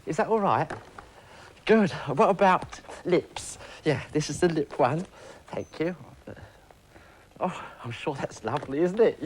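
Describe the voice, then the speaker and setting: A man's voice: on the high side, lively intonation, a little slow, a little hiss or hum. Playful man hosting a kids' show. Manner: chatty, coaxing, talking to a puppet. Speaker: children's TV presenter.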